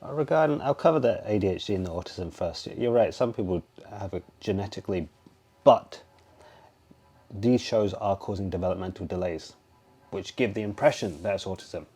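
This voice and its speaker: A man who is a guest expert on a podcast, explaining in a steady way. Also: deep voice, normal speed, breathy edge. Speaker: guest, screen-time expert. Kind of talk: casual podcast conversation.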